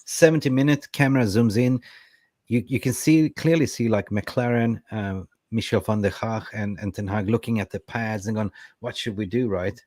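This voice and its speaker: Male fan-show co-host, young adult, low voice, lively chat-reader, dry mic. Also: normal speed, no echo. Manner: lively, reads viewer comments aloud. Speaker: co-host reading live chat. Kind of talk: casual football fan chat.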